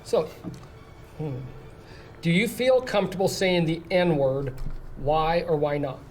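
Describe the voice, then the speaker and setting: A man's voice: fairly high pitch, takes it slowly, faint music behind. A father on a game show, answering in a hesitant way with false starts.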